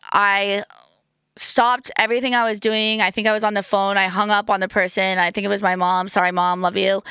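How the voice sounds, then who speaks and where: In a dry, studio-quality recording, a US podcast host delivers a casual comedic monologue that wanders playfully and pokes fun at herself. Her medium-pitched voice sounds pushed and bright but clean, though she's slightly losing it.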